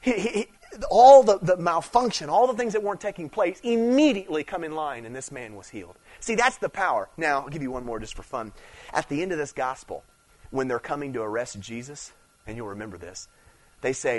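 A male preacher with a fairly high voice delivers a sermon in a conversational way. He swings between quiet asides and louder, pressing emphasis. He repeats and restarts phrases as he builds his point. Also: expressive, a little fast. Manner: conversational preaching, rising and falling in intensity, frequent "you understand". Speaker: traveling preacher.

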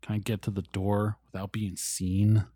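A man playing a tabletop game, talking in a slow, joking way and often trailing off. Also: on the low side, flat delivery, dark tone, no room sound, clean studio sound. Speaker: player. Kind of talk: casual tabletop game play.

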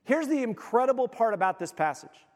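A man's voice: very high-pitched, fairly quick, long reverb tail. A male pastor giving a sermon in a loose, conversational way, often restarting his sentences. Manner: conversational, animated preaching with frequent restarts.

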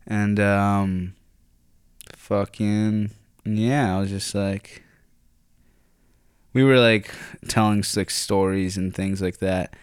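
A young man telling a casual story, rambling and profane, full of "like" and throat clearing. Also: on the low side, fairly even intonation, slow pace, pauses often, no echo, studio quality.

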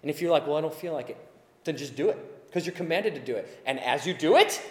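Echoey preaching man, fairly high voice. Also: expressive, quick pace. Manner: earnest preaching that swings from hushed to shouted. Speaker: pastor. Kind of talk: sermon.

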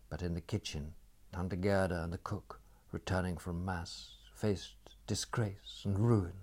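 A male audiobook narrator with a very deep, gravelly voice. He reads in a measured, expressive way, with a dry wit in his delivery.

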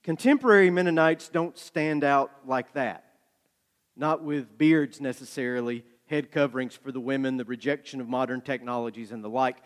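A man preaching a sermon, telling a story with lively acted-out dialogue. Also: medium pitch, normal speed. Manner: animated storyteller, acts out dialogue. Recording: long hall reverb.

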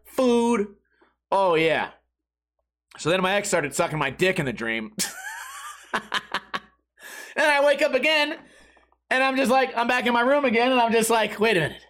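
A young man hosting a podcast, telling profane, animated stories and acting out quotes and noises. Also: sits high, moderate pace, long pauses. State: sweating. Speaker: podcast host. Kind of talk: casual storytelling monologue.

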